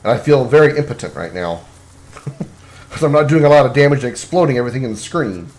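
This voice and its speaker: A man's voice: mid-range voice, lively intonation, quick pace, darkish tone. A man streaming a game, chatting casually and rambling with lots of restarts. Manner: rambling, many restarts and fillers. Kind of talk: casual chat while gaming.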